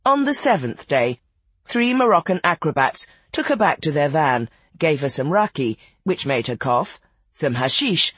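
A narrator reading a literary novel aloud in an expressive, measured audiobook style. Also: medium pitch, husky, dry recording.

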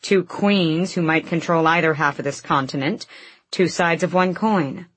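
An earnest, insistent warrior man pressing his point, as a woman narrator puts him on. The reading is low, slow and breathy, dry and close to the mic in a storybook. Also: no echo. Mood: urgent.

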